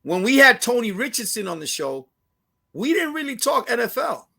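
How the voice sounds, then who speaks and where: Animated Puerto Rican New Yorker, gravelly. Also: male voice, extremely high pitch, normal speed. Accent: New York Puerto Rican. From Puerto Rican from New York. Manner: animated, profane, mixes Spanish phrases, acts out voices. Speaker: comedian and radio host, guest. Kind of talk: casual interview storytelling.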